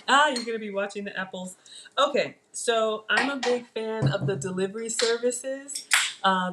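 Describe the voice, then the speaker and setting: A woman's voice: mid-range voice, fairly bright tone, a little hiss or hum. A middle-aged woman hosting a casual live cooking demo from her home kitchen, talking to viewers in a chatty, digressive way. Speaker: cooking show host.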